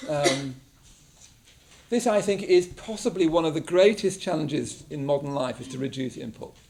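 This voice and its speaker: An animated English meditation teacher speaks at a moderate pace, his voice on the high side and darkish. He leads a casual mindfulness class in a meditation room, often checking in with "yeah?".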